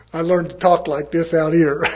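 A husky-voiced male preacher from California delivers a fiery, folksy sermon. He swings between loud and low.

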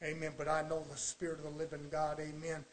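A man preaching a sermon, swinging between hushed low passages and loud shouted preaching. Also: monotone, fast, slight background noise.

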